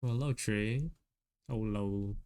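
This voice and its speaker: A man talks slowly and easily into a desk microphone as he draws on a live stream. His voice is smooth and clear, and his chat is relaxed and broken up by chuckles. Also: on the low side. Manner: relaxed, chuckling, chatting with viewers. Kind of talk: casual chat while drawing on stream.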